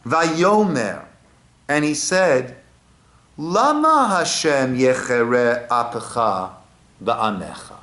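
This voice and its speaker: A man's voice: mid-range voice, drawn-out words, echoey room. A male rabbi giving a Torah class, quoting Hebrew and asking his listeners questions. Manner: lively teaching with rhetorical questions and Hebrew quotes. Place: synagogue.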